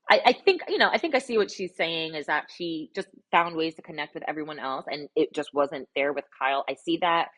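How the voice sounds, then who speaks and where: Young woman host, sassy casual commentary, lowish voice, close mic. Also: fairly quick. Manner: sassy, animated, exasperated asides. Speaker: reality TV recap host.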